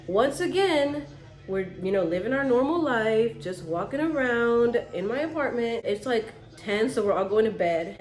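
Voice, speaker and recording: A young woman vlogger telling a story to her viewers in a casual, animated way, cussing freely. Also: medium pitch, echoey room. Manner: animated, swearing, talks to viewers as sis.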